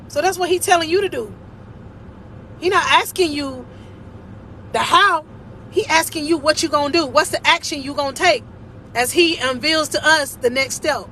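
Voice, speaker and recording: Emphatic woman life coach, high bright voice, motivational faith talk from a car. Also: normal speed, a little hiss or hum. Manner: emphatic, preachy, laughs often.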